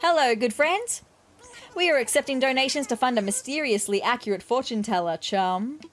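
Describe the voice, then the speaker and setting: A woman's voice: on the high side, moderate pace, natural voice. A woman reading the lines of a polite male fundraiser asking for donations in a cozy game, in a formal, courteous way.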